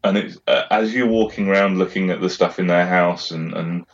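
Middle-aged male co-host, very low voice, rambly and foul-mouthed. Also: steady tone, normal speed, muffled recording. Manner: rambling, swears freely, laughs a lot. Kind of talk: casual chat.

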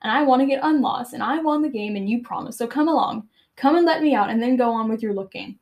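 A woman's voice: a little high, fast, dull audio, close to an everyday voice. A young woman voicing a small, stubborn hobbit in a blunt, impatient everyday voice.

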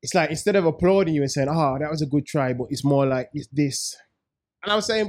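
A man's voice: on the high side, brisk. A man co-hosting a podcast, telling jokey stories in heavy slang. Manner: joking, slangy, storytelling. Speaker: podcast co-host. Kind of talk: casual podcast banter.

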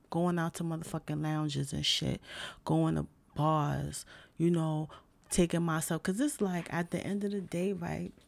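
Blunt, swearing woman with a gravelly low voice. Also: darkish tone. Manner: blunt, heavy swearing, lots of fillers. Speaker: vlogger. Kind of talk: casual rant to camera.

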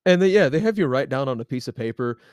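Young man, podcast co-host, animated storyteller, lots of fillers, dry close sound. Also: mid-range voice, quick pace, smooth, no echo. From American South. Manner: animated, laughs often, many fillers. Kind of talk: casual storytelling chat.

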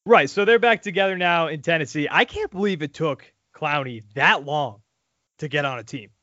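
Crude, animated sports podcast host. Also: male voice, on the high side, normal speed, dry recording. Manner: animated, crude, laughing asides. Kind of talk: casual sports podcast chat. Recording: dull lo-fi audio.

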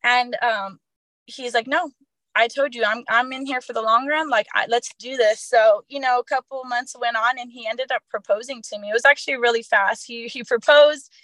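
A woman's voice: a little high, fairly even intonation, normal speed, a bit bright, no echo, low-quality recording. Earnest young woman telling her story. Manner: earnest, many fillers and restarts. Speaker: guest sharing her testimony. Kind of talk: personal testimony, casual storytelling.

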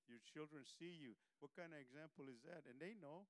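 A man's voice: a little high, fairly quick, no room sound, poor audio. A pastor preaching a church sermon, exhorting his congregation and repeatedly asking if they are listening, with a conversational manner full of "you know.". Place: church service.

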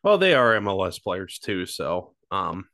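A man co-hosting a laid-back podcast, his voice sitting a little low. He meanders through his thoughts with plenty of ums, restarts and the odd curse word. The recording is close and dry, with no room sound. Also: very animated, a little slow, pushed and bright, no echo. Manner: rambling, loose delivery with many fillers and restarts; swears freely. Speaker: podcast co-host. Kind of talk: casual chat.

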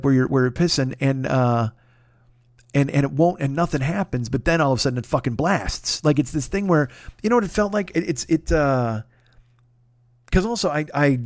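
Guy podcast host, kinda high pitched, cursing a lot, rambly confessional storytelling. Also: no room sound, clean studio sound. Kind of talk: casual monologue storytelling.

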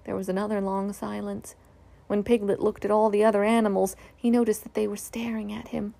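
Woman reading a storybook, gravelly voice. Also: medium pitch, little pitch movement. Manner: gentle, measured reading. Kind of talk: storybook narration.

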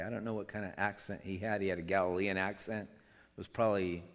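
A man preaching a sermon, swinging between loud, emotional outbursts and quiet, conversational asides. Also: fairly low pitch, a little fast. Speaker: pastor. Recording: long hall reverb.

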